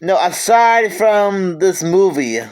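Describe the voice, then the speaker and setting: High-voiced man stammering through a review. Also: lively intonation, slow pace, a little mellow, smooth. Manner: stammering, restarts sentences often. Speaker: movie reviewer. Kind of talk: casual movie review.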